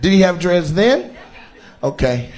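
A man's voice: high voice, very animated, a little slow, a little mellow. A male stand-up comedian doing profane crowd work, roasting audience members with brash teasing. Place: comedy venue with a live audience. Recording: live audience laughter and cheering.

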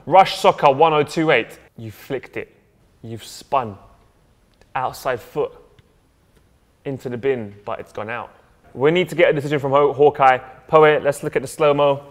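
A man's voice: mid-range voice, moderate pace, big-room sound. A young man co-hosting a casual chat, bantering and joking as he reads out viewer posts. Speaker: co-host.

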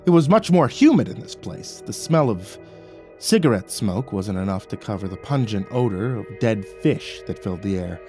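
Male horror narrator, measured and dramatic, faint music underneath. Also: lowish voice, big pitch swings, a little mellow. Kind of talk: scripted horror story narration.

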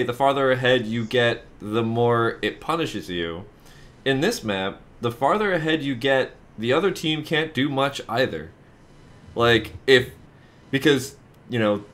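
A man of middle pitch talks in a chatty, teasing way, thinking aloud as he goes. He hosts a casual gaming podcast chat. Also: fairly bright tone.

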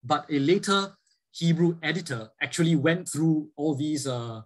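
A man teaches a class in a husky voice that sits a little high. He explains step by step and keeps checking that students follow. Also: moderate pace, low-quality recording. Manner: explanatory, often checks with "right?". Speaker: lecturer. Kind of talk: classroom lecture with student questions.

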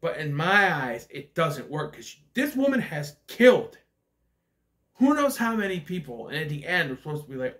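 Male reviewer, slightly high voice, opinionated and blunt, casual ranting delivery with fillers. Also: very animated, normal speed, fairly bright tone. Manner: loose, with fillers and restarts. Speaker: movie reviewer. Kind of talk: casual spoken movie review.

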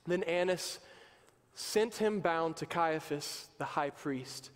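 A man's voice: on the high side, slow pace. A male pastor preaching a sermon in an emphatic, conversational way, in a church sanctuary. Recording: long reverb of a church hall.

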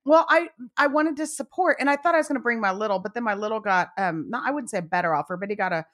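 A woman's voice: on the high side, a bit bright. Chatty middle-aged woman co-host. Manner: chatty and playful, with a quick comic delivery. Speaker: podcast co-host. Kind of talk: casual chat.

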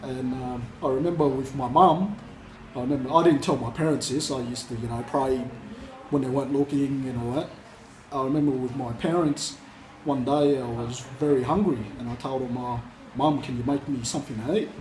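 A man's voice: mid-range voice, brisk. An Australian man casually telling a personal story and acting out the voices of the people in it. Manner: animated retelling, acts out quoted voices. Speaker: guest telling his conversion story. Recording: echoey room, mic far off, noisy.

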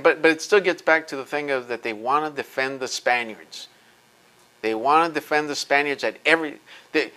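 A man's voice: fairly high pitch, bright, forceful tone, clear, resonant tone. A man giving an impassioned lecture, intense and emphatic, blunt and profane, often repeating words as he presses his points.

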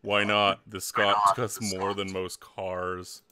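A man's voice: on the low side, level tone, slow, bright, forceful tone, smooth, dry recording, voice pushed down, full character voice. A man voicing a haughty gorgon queen.

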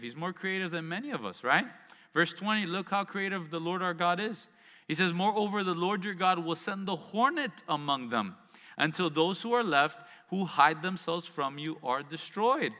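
A man's voice: high-pitched, expressive, normal speed, sharp tone, long reverb tail. A man preaching a sermon as pastor, reading scripture and adding conversational asides and rhetorical questions.

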